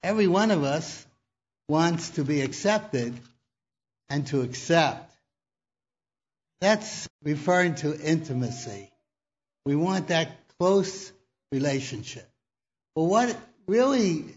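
A man preaching a sermon, deliberate, mixing scripture with humorous stories. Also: a little high, lo-fi sound.

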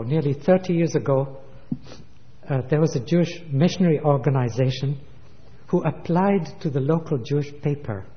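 A man delivers a sermon, slipping into the voices of the people in his stories. His voice sits a little high. The recording is muffled and carries a long echo, as in a large hall. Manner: storytelling with acted quotes. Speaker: preacher.

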